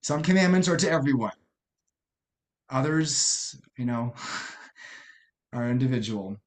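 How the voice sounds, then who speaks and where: Middle-aged American man, podcast guest, earnest and halting, mid-pitched voice. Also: expressive. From United States. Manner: earnest, halting, many restarts and fillers. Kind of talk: personal storytelling interview.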